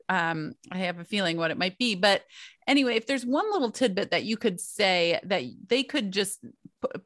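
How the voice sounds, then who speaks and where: A woman's voice: on the low side, fairly bright tone, dry recording. A woman hosting a parenting podcast, affirming her guest with enthusiasm and asking long, rambling questions. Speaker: podcast host. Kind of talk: casual podcast conversation. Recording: dry close mic, faint music behind.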